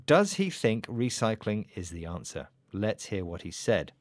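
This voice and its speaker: A man's voice: on the low side, sing-song, measured pace, darkish tone, no echo. Man hosting an English lesson. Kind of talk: scripted radio lesson chat.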